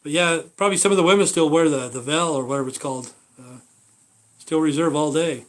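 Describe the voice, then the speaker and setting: A man in his fifties from the United States rambles through a casual livestream monologue, blunt and foul-mouthed. His voice sits a little high for a man, and sentences often fade into a mumbled "you know". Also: fast talker, fairly bright tone. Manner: blunt, swears constantly, trails off with "you know". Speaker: livestream host.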